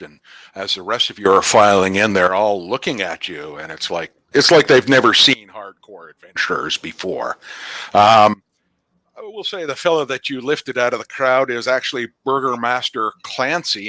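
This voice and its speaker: A man's voice: fairly low pitch, lively intonation, moderate pace, pushed and bright, dry recording. A man narrating a tabletop game as game master, rambling with fillers and restarts.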